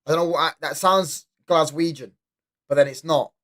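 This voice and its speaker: Excitable young streamer, bright voice. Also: male voice, fairly high pitch, moderate pace. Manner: excitable, slangy, repeats himself. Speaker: watchalong streamer. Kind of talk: casual reaction commentary.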